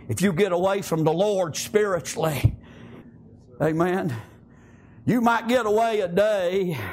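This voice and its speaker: A male preacher giving a fervent sermon, peppering it with "amen" and "praise God" and rising into shouts. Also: high voice. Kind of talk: fiery sermon.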